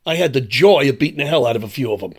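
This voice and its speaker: A man's voice: medium pitch, expressive, racing, husky. An older man delivering a blunt, sarcastic, profane ranting monologue. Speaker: commentator.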